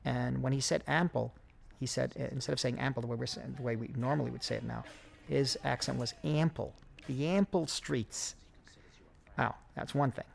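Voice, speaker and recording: Gravelly-voiced man giving film commentary. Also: medium pitch, little pitch movement, quick pace. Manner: reflective, many fillers and restarts. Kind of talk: audio commentary.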